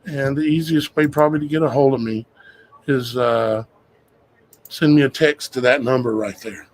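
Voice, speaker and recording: A man's voice: medium pitch, moderate pace, poor audio. A man, hosting his show and talking to viewers in a rambling, folksy way. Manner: rambling, conversational, folksy with "y'all guys". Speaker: show host. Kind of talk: casual talk to viewers.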